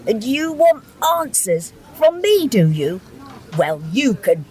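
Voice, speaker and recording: A woman's voice: on the high side, big pitch swings, takes it slowly, darkish tone. A woman playing a confused, foul-mouthed elderly care home resident who snaps and hurls insults. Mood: hostile. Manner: abusive, snapping, indignant.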